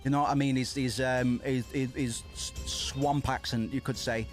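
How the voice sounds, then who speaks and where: A man streaming himself playing a video game, chatting excitedly into a desk microphone, swearing and restarting his sentences. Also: mid-range voice, normal speed, soft background music. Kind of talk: casual let's-play commentary.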